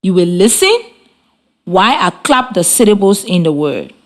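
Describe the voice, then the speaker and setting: A woman's voice: fairly low pitch, expressive, moderate pace. A woman teaching a radio classroom lesson, giving encouraging, step-by-step instructions.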